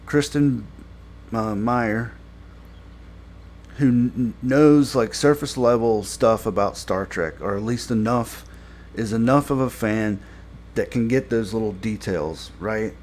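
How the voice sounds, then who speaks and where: Slow, low-voiced man rambling through a review. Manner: rambling, heavy on fillers, gets exasperated and louder when complaining. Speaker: TV episode reviewer. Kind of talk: casual spoken review.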